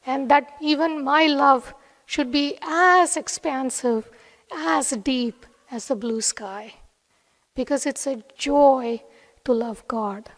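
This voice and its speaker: A woman giving an earnest devotional talk, telling a personal story in a soft-spoken way. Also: high-pitched, slow pace. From USA. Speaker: devotional speaker. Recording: long hall reverb.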